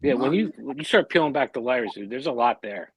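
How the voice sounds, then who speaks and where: A man's voice: mid-range voice, animated, brisk, breathy edge, no echo. A man in his forties from the Philadelphia area, talking bluntly and skeptically in casual chat, swearing a lot. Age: 40s.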